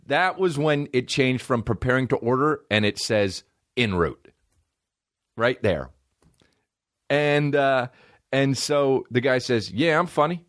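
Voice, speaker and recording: A man's voice: medium pitch, expressive, slow, long pauses, a bit bright. A man in his thirties hosting a podcast, telling a long comedic story with lots of swearing and acting out quoted people in different voices. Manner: rambling, profane, acts out quoted people in shifting voices. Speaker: podcast host.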